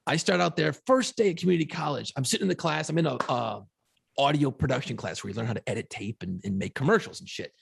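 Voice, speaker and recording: A man's voice: medium pitch, animated, fast, vocal fry, husky. A man co-hosting a podcast, telling stories in a profane, fired-up casual chat. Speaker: podcast co-host.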